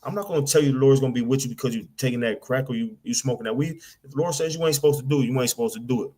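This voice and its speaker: A man's voice: medium pitch, rapid-fire, dark tone. A man preaching bluntly in a casual rant, often repeating and stumbling over words. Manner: blunt, repetitive, slangy, mimics people in asides. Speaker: street preacher.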